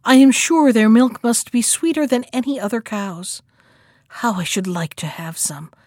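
A woman voicing an eager young peasant girl who cries out in excited, breathless delight. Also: on the high side, normal speed, no echo, studio quality.

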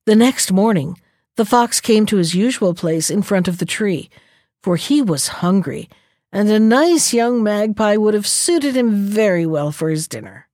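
A woman storyteller reading a folktale aloud in a gentle, expressive way. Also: medium pitch, measured pace, no echo, studio quality.

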